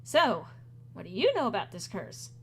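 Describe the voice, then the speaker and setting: A woman voicing a friendly young man in a tabletop game, relaxed and conversational. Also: mid-range voice, normal speed, breathy edge, pitched below the performer's own voice, exaggerated voice. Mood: agreeable.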